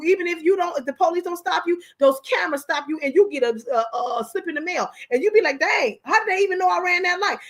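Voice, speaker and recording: Lady on a livestream going off, high voice, loud and heated, talking to her chat. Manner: fiery and emotional, bursts into shouting. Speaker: livestream host. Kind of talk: impassioned live commentary.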